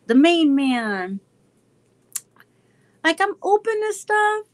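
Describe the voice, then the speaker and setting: A woman's voice: very high voice, sing-song, slow. A woman chatting casually with viewers on a live stream from her phone, bubbly and effusive, often slipping into a little kid voice.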